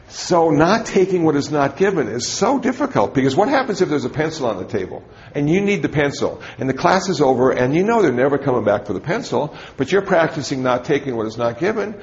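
A man's voice: on the high side, sing-song, a little fast, hardly any pauses, highs cut off. A man, a Buddhist teacher, giving a dharma talk to a group in a conversational, humorous storytelling manner.

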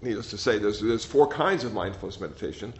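An older man, a meditation teacher, giving a gentle, rambling dharma talk that often repeats words. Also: on the low side, animated, fast talker. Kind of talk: dharma talk with audience questions. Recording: slightly dull sound, faint noise.

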